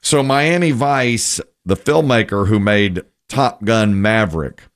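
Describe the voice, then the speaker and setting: A man's voice: lowish voice, slow, no room sound, clean studio sound. A middle-aged man hosting a casual talk show, chatty and rambling with wry asides. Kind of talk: casual radio-style chat.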